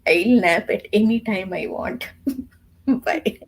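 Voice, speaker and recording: A woman's voice: medium pitch, takes it slowly, breathy edge, rough recording. A tired woman hosting a reading live stream, chatting casually and often half-whispering.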